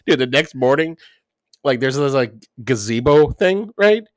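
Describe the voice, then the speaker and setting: A man's voice: medium pitch, expressive, a little slow, no echo. A man co-hosting a podcast, telling long casual stories full of "like" and quoted dialogue, swearing freely. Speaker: podcast co-host. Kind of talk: casual storytelling chat.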